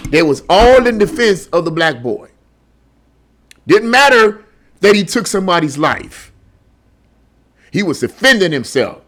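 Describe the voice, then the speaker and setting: In a high, slightly bright voice, a very animated online political commentator rants about a news article, unhurried and pausing often. He trips over repeated words and keeps firing rhetorical questions.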